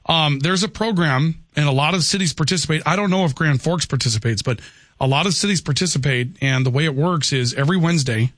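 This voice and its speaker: A man's voice: on the high side, fast, a bit bright, no room sound. A man hosting a call-in radio talk show, bantering and teasing his co-host and callers.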